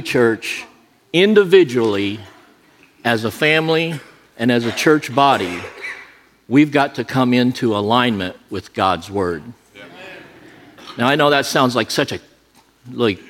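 Middle-aged man, associate pastor, humorous sermon, self-deprecating storytelling, mid pitch, long church reverb. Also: a little hiss or hum. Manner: jokey, self-deprecating anecdotes. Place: church sanctuary.

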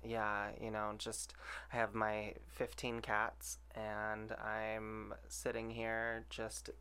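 Lowish man giving supportive replies. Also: monotone, bright, forceful tone, clean tone. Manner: supportive, quick short agreements. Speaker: podcast co-host. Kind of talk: casual podcast chat.

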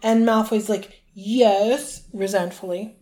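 Speaking in a mid-range voice, a woman co-hosting a podcast walks through a book chapter in loose chat, quickly imitating the characters' lines with put-on voices.

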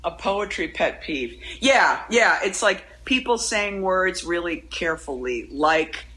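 A woman poet talks as a guest in a casual interview. Her tone is bright and sharp, and she rambles and interrupts herself with animated energy. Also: on the low side, a little slow, hardly any pauses, a little hiss or hum, rough recording.

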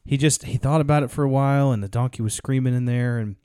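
A man's voice: medium pitch, quick pace, warm tone, clear, resonant tone, no echo, clean studio sound. A man co-hosting a podcast, telling a story in a rambling way with frequent restarts. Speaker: podcast co-host. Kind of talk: casual podcast talk, storytelling.

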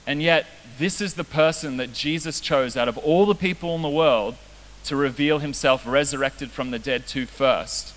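A man's voice: a little high, moderate pace, fairly bright tone. A young man preaching a casual, joking sermon as a youth pastor. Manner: casual, joking, self-deprecating. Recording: reverberant hall with faint hiss.

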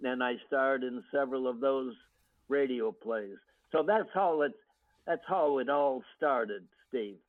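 An older American man, a guest actor, reminiscing in an interview with unhurried storytelling full of ums and restarts. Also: medium pitch. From United States. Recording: tinny phone-line audio.

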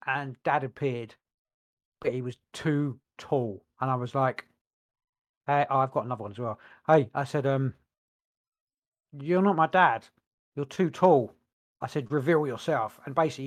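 A man co-hosting a podcast, rambling and searching for words with many restarts. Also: medium pitch. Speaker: podcast co-host. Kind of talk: casual chat.

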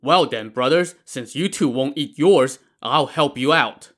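Guy doing a rowdy hotheaded brawler, loud and blunt, kinda high and pushy. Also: measured pace. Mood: brash. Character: brash, hot-tempered burly male brawler.

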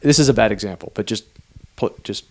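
A man co-hosting a casual podcast, quick and jokey. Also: on the low side, a little mellow. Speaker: podcast co-host. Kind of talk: casual chat.

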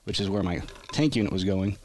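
This low-voiced, slightly mellow man talks fast as he tells a long army story as a podcast guest, a veteran who rambles, cuts himself off, restarts, and laughs a lot. There's slight background noise.

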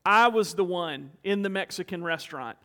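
A man's voice: high-pitched, lively intonation, moderate pace, bright, forceful tone. Man, pastor, earnest sermon, rhetorical questions, long church reverb. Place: church sanctuary.

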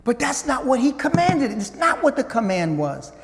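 A man preaching a sermon and teaching from the Bible, talking to listeners as guys and swinging between loud and hushed. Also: very high voice, very animated, moderate pace, creaky. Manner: conversational, addresses listeners as guys. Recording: long hall reverb.

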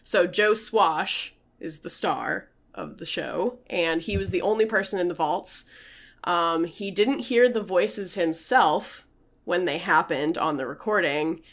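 Chatty woman with a lowish voice. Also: takes it slowly. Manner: chatty, uses many fillers, reads out quotes. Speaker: podcast co-host. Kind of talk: casual chat, telling a ghost story.

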